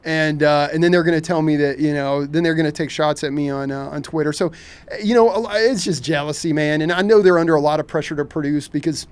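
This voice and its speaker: A fishing captain from Kentucky gives a casual podcast interview in a fairly high, fast, clean-toned voice. He is blunt and candid, says he has no filter, and rambles a lot, repeating "man" and "you know".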